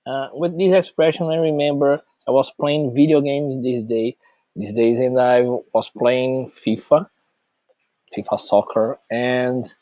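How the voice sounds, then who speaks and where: A man giving an English vocabulary lesson, speaking slowly and listing words one at a time with pauses. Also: medium pitch, a little mellow, no echo, dull audio. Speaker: English teacher. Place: outdoors, rain starting.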